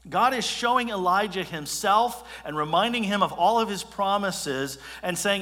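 Forceful pastor preaching in a big hall. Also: male voice, a little high, animated, normal speed. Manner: conversational, restarts often. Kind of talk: sermon.

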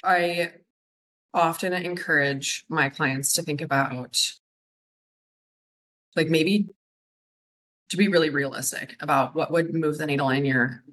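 A woman speaks as a guest on a casual podcast, sharing practical advice in a conversational way. She pauses on fillers as she thinks, and her tone stays thoughtful and relaxed. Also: low voice, poor audio. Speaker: marketing educator.

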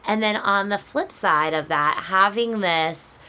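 Bright-voiced woman co-host. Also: mid-range voice, unhurried, clean tone. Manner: earnest, explaining and building on ideas. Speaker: podcast co-host. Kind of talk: casual chat.

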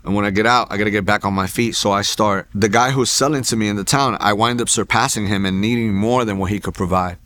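A man's voice: fairly low pitch, steady tone, fast talker, few pauses, a bit bright, dry recording. A man in his forties sharing a personal faith testimony in a church, telling it in an earnest, rambling way with restarts and asides.

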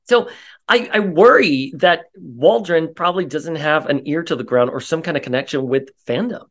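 A man giving opinionated casual commentary, animated and ranting, his voice rising sharply when he gets riled. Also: medium pitch.

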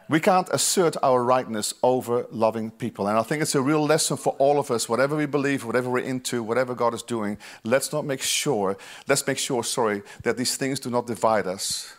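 A pastor preaching a sermon, reading scripture with emphasis, mixing quiet asides with loud, drawn-out lines and chatty "you know"s. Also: male voice, mid-range voice. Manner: reads scripture aloud with emphasis.

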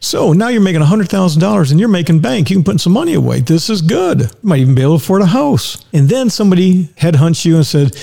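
A man's voice: a little high, animated, fast, creaky, few pauses, warm tone. An older man hosting his own podcast, talking casually and folksily, piling up rhetorical questions and anecdotes from a home studio. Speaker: podcast host. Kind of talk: casual monologue.

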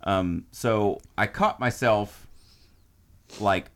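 A man's voice: lowish voice, extremely slow, fairly bright tone. A man with a Texan accent, a guest on a casual podcast chat, telling a rambling story and questioning himself aloud.

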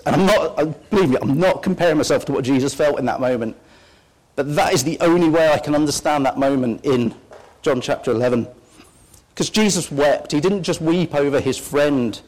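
A man's voice: fairly high pitch, a little mellow, low-quality recording. A man preaching a sermon in an earnest, heartfelt way.

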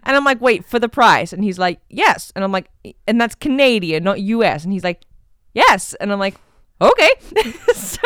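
Young woman, casual storyteller, lively and animated delivery, dry close sound. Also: medium pitch, no room sound. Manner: animated, laughs often, acts out quotes. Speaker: co-host telling a story.

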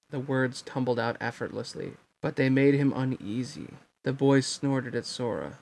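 A man reading a novel aloud at a fair clip, a plain, mid-pitched voice that moves steadily through the narration. He stumbles now and then but keeps going. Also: gravelly, a little mellow. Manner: quick, plain reading with occasional slips.

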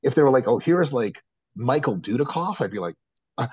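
A man's voice: medium pitch, expressive, brisk, slightly rough, dry recording, dull audio. Rambling, profane man on a podcast. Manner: rambling, profane and self-mocking. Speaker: podcast guest. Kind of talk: casual chat.

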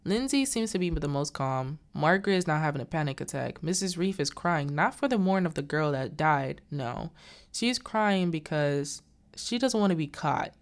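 A woman's voice: sits low, lively intonation, moderate pace. A young woman casually recapping a film's plot, quoting the characters as she goes. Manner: retells the plot with quoted lines and filler "like". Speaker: movie reviewer.

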